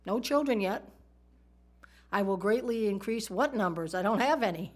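A woman's voice: mid-range voice, moderate pace, a little mellow. A woman teaching a sermon in a conversational way, asking her listeners rhetorical questions. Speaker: Bible teacher.

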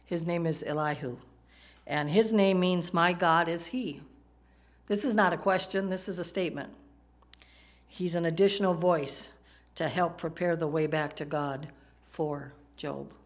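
A woman preaching a sermon, talking conversationally and asking the congregation questions. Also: fairly low pitch. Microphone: microphone, PowerPoint slides in a church.

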